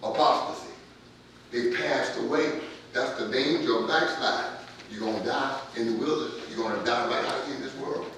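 A pastor preaching a sermon in an emphatic, colloquial way, moving between quiet scripture reading and near-shouting, with words often stammered and repeated. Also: male voice, medium pitch, brisk. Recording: very echoey room, mic far off, faint noise.

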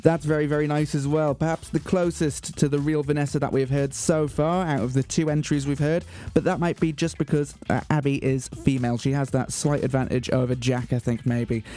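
A man presenting a community radio show in a studio, announcing with mock-grand earnestness. His voice sits a little high but sounds mellow, with faint music playing underneath. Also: flat delivery, fairly quick, hardly any pauses. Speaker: radio host. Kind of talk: deadpan comic radio presenting.

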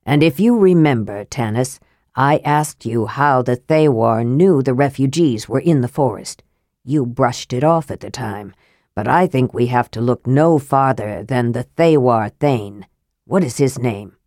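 A frail young male mage with a cold, sharp tongue, read by a woman. His lines come lower and softer than the narration around them. The audiobook recording is dry and close. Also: animated, measured pace, dry recording. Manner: cold, precise, clipped. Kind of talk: audiobook dialogue.

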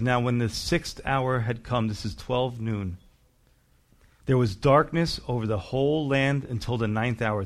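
Man, pastor, sermon, expressive preaching, emphatic questions. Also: mid-range voice. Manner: expressive preaching, acting out quoted voices, rising emphatic questions.

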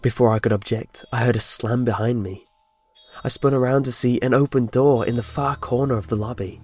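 A man's voice: mid-range voice, fairly even intonation, fairly quick, darkish tone, husky. Male horror narrator, dramatic storytelling, light music bed. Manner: dramatic storytelling with voiced dialogue.

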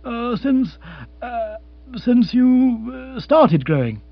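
Blustery stammering upper-class husband, as a reader plays him, high and animated, dry dull sound. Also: male voice, very slow, creaky, no room sound, full character voice. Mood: bumbling, hearty. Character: bumbling jovial upper-class English husband. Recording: dry, slightly dull audiobook.

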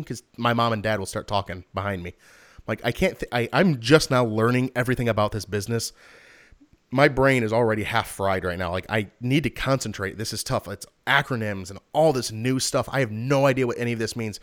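A man's voice: lowish voice, a bit bright, no echo, studio quality. A young man casually telling a rambling, exasperated story to a friend.

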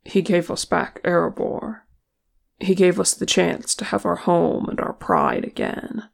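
A reader doing a gruff, tired dwarf warrior. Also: mid-range voice, wildly swooping pitch, unhurried, full character voice. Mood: gruff teasing. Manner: blunt and grumbling.

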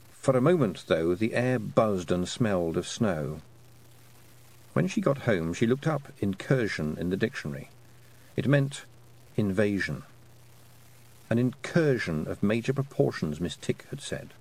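A man narrating an audiobook with expressive storytelling. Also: on the low side. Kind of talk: scripted narration.

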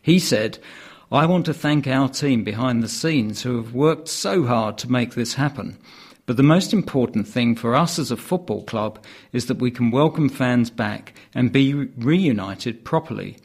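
A man reads out local sports news at a steady, plain pace. He adds the odd dry aside between items. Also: mid-range voice, normal speed, husky. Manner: plain reading with wry asides. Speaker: news reader.

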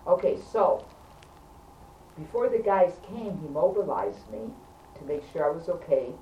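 A woman telling a casual story to friends in an animated, emphatic way, often checking in with her listeners. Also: sits low, measured pace, dull audio. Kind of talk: casual anecdote. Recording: roomy, distant, faint background hum.

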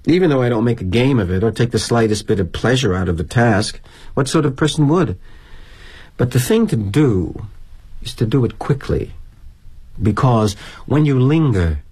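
An actor playing a sardonic middle-aged executive. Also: male voice, medium pitch, a little mellow, breathy edge. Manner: wry, sardonic, confiding. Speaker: corporate executive in a monologue. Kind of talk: theatrical dramatic monologue.

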